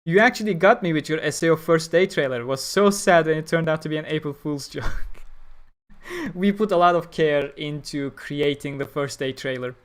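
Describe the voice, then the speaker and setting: A man's voice: fairly high pitch, normal speed, clear, resonant tone. A man chatting casually on a livestream, reading and answering chat with blunt, opinionated talk. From Turkey. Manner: opinionated, blunt, talks through ideas with fillers.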